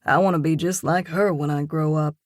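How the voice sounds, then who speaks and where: A woman reading an audiobook and voicing a grounded young man who talks in a calm, encouraging, lightly teasing way. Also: low voice, a little fast, no echo, studio quality, natural voice. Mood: coaxing. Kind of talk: audiobook dialogue.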